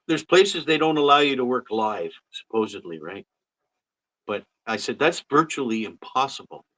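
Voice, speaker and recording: Man, bright forceful tone, relaxed casual chat. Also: medium pitch, normal speed, rough recording.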